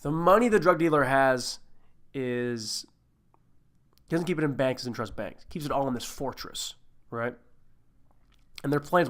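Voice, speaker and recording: A man's voice: medium pitch, animated, a little slow, pauses often, a bit bright. A man hosting a podcast, reviewing a movie in a loose, rambling, jokey way with plenty of swearing. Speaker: podcast host. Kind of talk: casual movie-review chat.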